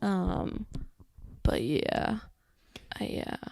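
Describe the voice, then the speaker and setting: Playful young woman co-host, bouncy pitch with vocal fry. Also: big pitch swings, very slow, a little mellow. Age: young adult. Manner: playful, crude jokes, giggly asides. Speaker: podcast co-host. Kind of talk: casual chat.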